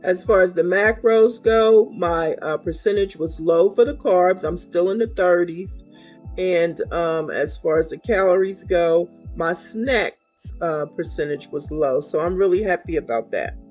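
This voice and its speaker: A woman, chatting casually and warmly to viewers in a homey way in her weight loss vlog. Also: lowish voice, measured pace, soft background music. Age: 50s.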